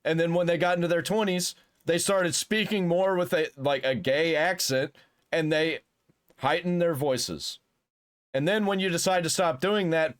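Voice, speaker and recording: A man with a voice a touch above typical pitch, giving casual reaction commentary. He rambles, restarts his sentences and puts things bluntly and crudely. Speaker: commentary host.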